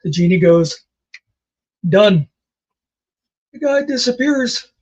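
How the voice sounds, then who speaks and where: A man's voice: high voice, unhurried, darkish tone, slightly rough, highs cut off. A man casually telling jokes as host, rambling and folksy in his storytelling.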